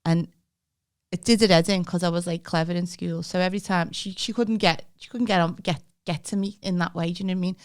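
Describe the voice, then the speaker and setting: A woman's voice: on the low side, steady tone, fast talker, clean tone. A woman, co-hosting a podcast and telling stories in a chatty, swearing way, acting out what people said. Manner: chatty anecdotes with acted-out quotes and swearing. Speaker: podcast co-host. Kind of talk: casual storytelling chat.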